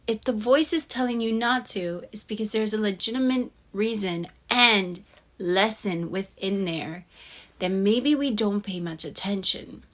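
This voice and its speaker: A woman's voice: medium pitch, unhurried. A woman talking to her viewers in a casual, encouraging motivational vlog, earnest and chatty. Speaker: YouTube vlogger.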